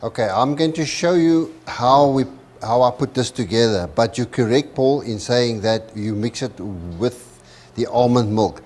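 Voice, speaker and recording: A man's voice: mid-range voice, measured pace, darkish tone. A man from South Africa with a South African accent, explaining step by step as a guest on a cooking demonstration. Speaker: guest cook.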